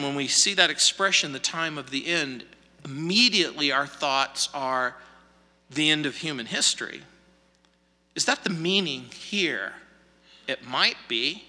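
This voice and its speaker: Bright high-voiced preacher in a reverberant church. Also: male voice. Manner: poses rhetorical questions and answers them; emphatic repetition for stress. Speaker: pastor. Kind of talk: verse-by-verse sermon. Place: church sanctuary.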